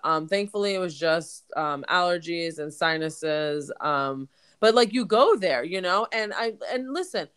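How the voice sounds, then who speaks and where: A woman co-hosting a casual podcast, congested and hoarse-sounding, talking candidly and swearing freely. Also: lowish voice, a bit bright. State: congested, voice deepened. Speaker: podcast co-host. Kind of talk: casual chat.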